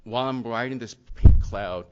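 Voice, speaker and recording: Middle-aged man, earnest rambling testimony, mid pitch, slightly muffled recording. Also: moderate pace, warm tone, clear, resonant tone. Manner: earnest, rambling with many "you know" and "and yet". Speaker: speaker sharing his recovery story. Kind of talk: personal testimony talk. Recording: slightly dull lo-fi sound.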